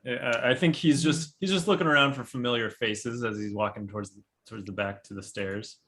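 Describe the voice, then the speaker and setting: Guy at a tabletop game, relaxed, hesitant, kinda chill. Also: medium pitch, a little fast. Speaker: player. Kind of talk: casual tabletop play.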